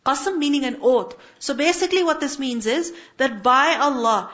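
A high-voiced woman teaches a Quran lesson, breaking each Arabic word down and pressing her points with rhetorical questions. The recording is a little muffled and lo-fi. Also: normal speed, few pauses, a bit bright. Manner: explains Arabic words step by step with rhetorical questions. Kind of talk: religious lesson on Quranic verses.

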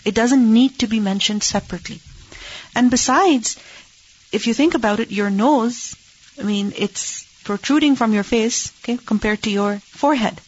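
Woman teaching a hadith lesson, husky. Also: a little high, normal speed, highs cut off. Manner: reads Arabic then explains in English, asks and answers own questions.

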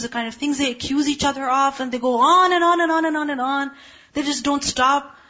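A woman gives a religious lecture, explaining point by point and asking rhetorical questions. Her voice sits fairly high and sounds husky. The recording is dull and lo-fi. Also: fairly bright tone. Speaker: religious teacher.

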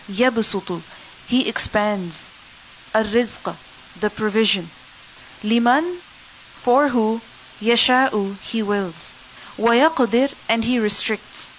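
A woman teaching at a quick pace, taking each word of a scripture and following it with its meaning. Her voice comes through a dull, lo-fi recording, with a faint hiss behind it. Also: a little high. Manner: reads each word, then gives its meaning. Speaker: Quran teacher. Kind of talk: word-by-word translation lesson.

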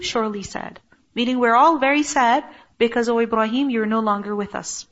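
A woman teaching a religious lesson, gently explaining a text and asking listeners rhetorical questions. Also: on the high side. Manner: recites source text quickly, then translates slowly. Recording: dull lo-fi recording.

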